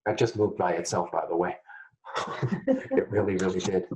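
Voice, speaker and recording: A man teaching psychic mediumship to camera in a casual, animated way, often checking in with his viewers. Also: deep voice, normal speed, noisy background. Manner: animated, keeps checking in with "guys, okay?".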